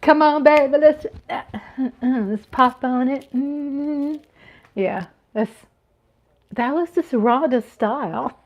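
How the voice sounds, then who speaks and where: Her voice sits high and moves at a slow pace. The woman, in her fifties, hosts a casual livestream, reading out chat comments with playful giggles and short sung riffs.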